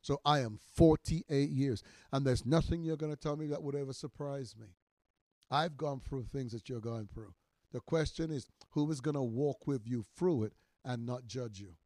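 A man in his sixties, a minister teaching in a podcast sermon, emphatic and repetitive, his voice swelling loud on key words. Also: mid-range voice, normal speed, no room sound. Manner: repeats phrases for emphasis.

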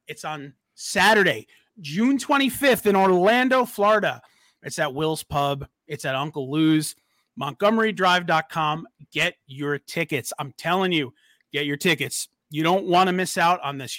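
Hyped-up guy hosting a podcast, bright forward voice, dry close mic, kinda high. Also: moderate pace, no room sound. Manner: excited, hyped promo talk. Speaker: podcast host. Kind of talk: casual chat.

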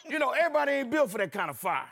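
A man's voice: very high voice, big pitch swings, rapid-fire, gravelly, a bit bright, heavily acted. An actor playing a brash older uncle and ladies' man, rambling and boastful. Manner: rambling, boastful, preachy asides.

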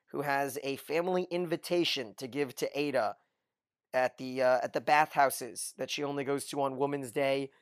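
A man co-hosting a podcast, giving a casual, lively recap of a TV episode and chuckling often. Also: a little high, no room sound, studio quality. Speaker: podcast co-host.

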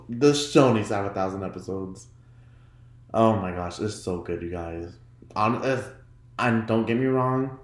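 Hosting his own podcast, a man chats casually on his own, chatty and giggly. He often jumps into high mock voices when quoting himself, and the sound is reverberant.

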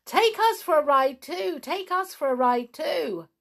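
A woman's voice: slow, a bit bright, full character voice. Squealing little pixie crowd, put on by a woman. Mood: pleading. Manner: high squealing chant. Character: excited tiny chirping pixies, a merry crowd.

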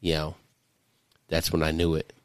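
A man's voice: very deep voice, monotone, moderate pace, clean tone, dry recording, studio quality. A man hosting a podcast, recapping a movie in casual, profane chat and laughing often. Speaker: podcast host. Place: studio.

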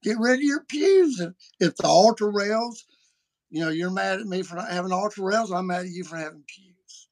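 Podcast host guy, gravelly voice, kinda high, folksy and chatty. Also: normal speed. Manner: animated, folksy storytelling. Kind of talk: casual chat.

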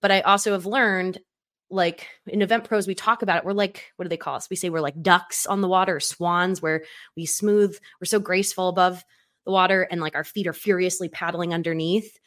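A woman's voice: lowish voice, steady tone, brisk, fairly bright tone. A woman co-hosting a podcast, telling a personal work story in a candid, reflective casual chat. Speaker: podcast co-host.

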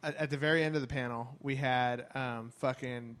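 A man's voice: mid-range voice, normal speed. A man in casual chat, recapping an event with lots of ums and casual swearing. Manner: rambling, excited, swears freely, many ums.

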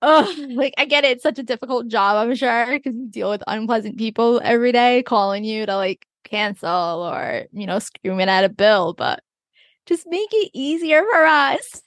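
A young woman with a slightly high voice and normal speaking speed co-hosts a podcast in studio quality with no echo. Chatting casually, she tells animated stories and frequently breaks into laughter.

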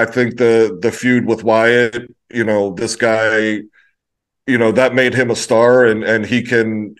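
A man co-hosting a casual podcast, talking in a halting, hesitant way with frequent restarts. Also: medium pitch. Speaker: podcast co-host.

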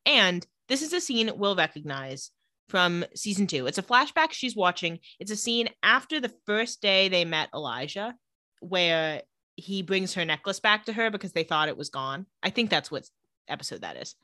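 Bright, giggly woman recapping. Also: fairly low pitch, normal speed, no echo. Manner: lively, giggly, acts out quoted lines. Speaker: podcast co-host recapping a TV episode. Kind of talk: casual chat recap.

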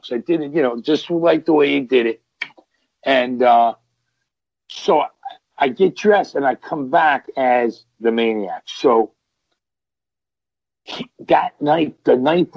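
Slow, gravelly-voiced middle-aged man. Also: mid-range voice, dry recording. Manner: rambling, with many restarts and repeated words. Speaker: guest, veteran pro wrestler. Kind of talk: storytelling podcast interview. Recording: dull lo-fi podcast audio.

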